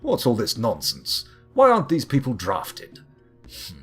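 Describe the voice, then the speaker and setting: A man's voice: medium pitch, wildly swooping pitch, unhurried, breathy edge, faint music behind. A man streaming a game live, chatting and joking as he reads items off the screen.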